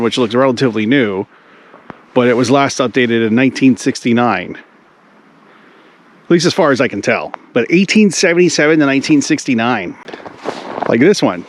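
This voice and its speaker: A man's voice: mid-range voice, slight background noise, low-quality recording. A man casually vlogging while strolling through a snowy cemetery, rambling and thinking aloud with lots of "like". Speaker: travel vlogger. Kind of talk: casual walking vlog. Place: snowy cemetery outdoors in winter.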